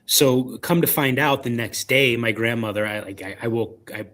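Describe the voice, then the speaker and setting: A man's voice: mid-range voice, normal speed, fairly bright tone. A man with a Chicago accent, a podcast guest telling a personal ghost story, with lots of fillers and restarts. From Illinois, United States. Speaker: podcast guest, paranormal investigator.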